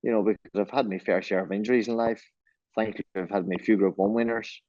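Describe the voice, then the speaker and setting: A man's voice: lowish voice, fairly even intonation, fast, a little mellow, no room sound, highs cut off. A man with a Donegal Irish accent, a jockey talking casually in a remote interview, easygoing and self-deprecating, often restarting his sentences.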